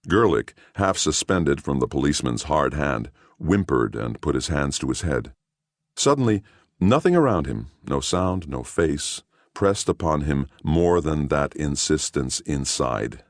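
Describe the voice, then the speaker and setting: Deep-voiced male audiobook narrator. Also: animated, measured pace, dry recording, clean studio sound. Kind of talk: scripted narration.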